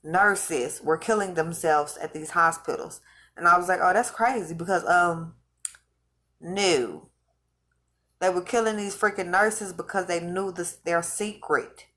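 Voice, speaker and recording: A woman's voice: fairly low pitch, unhurried, a bit bright. A woman who is losing her voice, talking in a rambling, earnest way in a casual spiritual vlog, with features. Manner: rambling, earnest, restarts often. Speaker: vlogger recounting visions.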